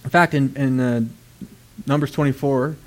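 A man preaching a sermon, retelling a story with lively, dramatic voices for its characters. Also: medium pitch, moderate pace. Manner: animated storytelling, acts out characters with loud outbursts.

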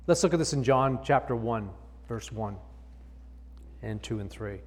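A man's voice: medium pitch, animated, a little slow, long reverb tail. A male pastor preaching a sermon, reading scripture aloud and explaining it with emphatic repetition.

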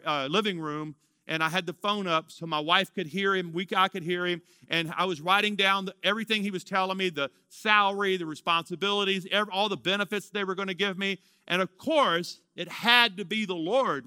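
Man in his 50s, pastor preaching a story; ringing, very bright and smooth tone, lively delivery. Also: high voice, brisk, few pauses, no echo. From Louisiana, US. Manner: animated storyteller, swings from excited to hushed. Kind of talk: sermon storytelling.

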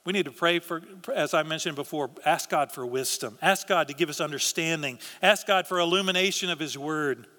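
In a large hall with long, lingering reverb, a pastor delivers a sermon in a bright, forceful voice pitched a little above most men's. He speaks earnestly and conversationally, fairly quick with hardly any pauses, and often restarts his words.

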